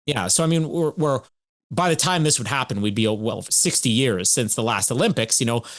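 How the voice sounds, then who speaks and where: A man's voice: medium pitch, fairly quick, fairly bright tone. A man co-hosting a podcast, thinking aloud in loose, rambling casual talk. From Canada. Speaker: podcast co-host.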